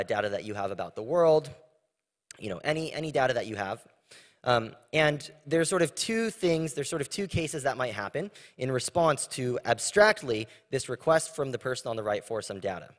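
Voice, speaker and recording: A young man presents a technical talk on a conference stage, with a loose, conversational delivery full of fillers. His voice has a mid pitch, and the long reverb of a large hall trails behind it. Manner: casual, conversational with frequent fillers.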